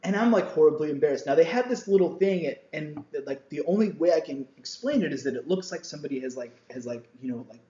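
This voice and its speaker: A man's voice: on the high side, animated, fast, few pauses, warm tone. A man telling a story as a podcast guest in casual chat, acting out voices and laughing often. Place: small mobile studio. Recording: roomy, dull lo-fi sound.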